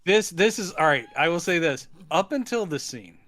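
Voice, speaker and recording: A man's voice: on the high side, animated, normal speed, a bit bright, no echo. A man co-hosting a casual movie podcast, playful, laughing often and improvising silly character bits. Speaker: podcast co-host. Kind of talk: casual movie-riff chat.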